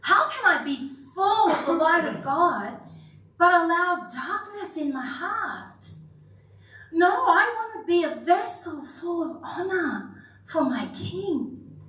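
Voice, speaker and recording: High-voiced woman preaching slowly in an echoey hall. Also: animated, sharp tone. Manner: earnest, storytelling, with self-deprecating asides. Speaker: pastor. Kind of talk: sermon. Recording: echoey church hall, voice from a distance, faint room hum.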